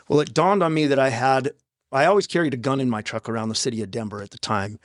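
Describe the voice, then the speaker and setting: A man in his fifties, a podcast guest, telling his own story in a raw, halting way with blunt profanity. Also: mid-range voice, no echo, clean studio sound. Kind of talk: candid personal storytelling in an interview. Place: podcast studio. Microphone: studio microphone.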